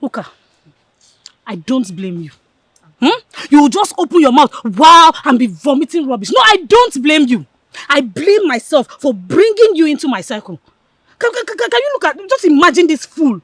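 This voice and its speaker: A woman's voice: high voice, wildly swooping pitch, normal speed, long pauses, a bit bright, dry recording, exaggerated voice. A woman with a Nigerian accent, playing a spiteful, scheming young woman who talks with scorn and indignation. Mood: scornful. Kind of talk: Nollywood film acting.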